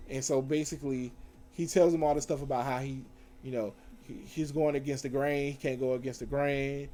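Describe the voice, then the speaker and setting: A man recapping TV episodes in a casual, slangy, animated way, full of fillers and self-corrections. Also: medium pitch, fast talker. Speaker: TV show reviewer. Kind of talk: casual recap with acted quotes.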